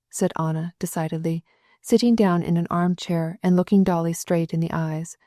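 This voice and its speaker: A woman narrating a classic novel audiobook in a measured, even storytelling manner, close to the mic. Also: fairly low pitch, no room sound.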